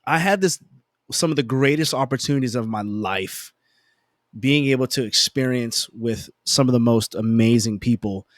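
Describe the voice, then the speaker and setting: Animated storytelling man, dry close sound. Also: medium pitch, normal speed, no room sound. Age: adult parent. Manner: animated, emphatic repetition; self-deprecating humor. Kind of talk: casual conversational storytelling.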